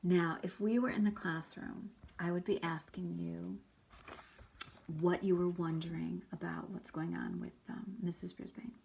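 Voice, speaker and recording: A woman teacher reading a chapter book aloud to her students, animated, with hushed whispered asides. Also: lowish voice, a little slow, vocal fry, slight background noise.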